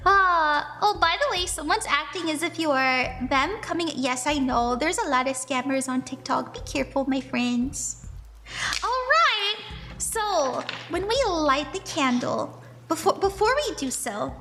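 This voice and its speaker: A woman streaming a spellwork session, chatting casually with a giggly, bubbly manner and slipping into soft, slow affirmations. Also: sits high, animated. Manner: bubbly and giggly, often laughs. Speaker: streamer doing tarot and spellwork. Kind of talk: casual livestream chat.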